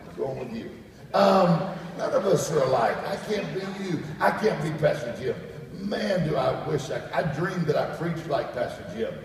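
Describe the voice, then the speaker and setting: Joking preacher in an echoey church. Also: male voice, a little high, animated, normal speed. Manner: joking, asks the crowd questions. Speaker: guest preacher. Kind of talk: humorous sermon with jokes. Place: church sanctuary. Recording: echoey church hall from far off, with crowd.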